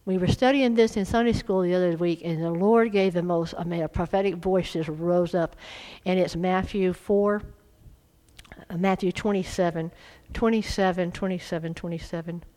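A middle-aged woman preaching a sermon, fervent and emphatic, swelling into loud exhortation. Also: fairly low pitch, fairly even intonation, moderate pace, low-quality recording.

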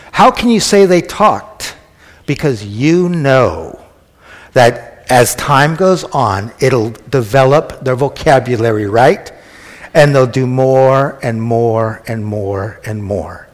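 A man's voice: medium pitch, expressive, slow. A man preaching a conversational sermon who often asks the congregation questions. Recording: echoey hall.

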